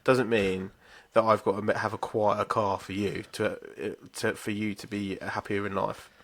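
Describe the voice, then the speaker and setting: A man's voice: on the low side, level tone, normal speed. A man, a podcast co-host telling stories in casual chat, blunt and sweary.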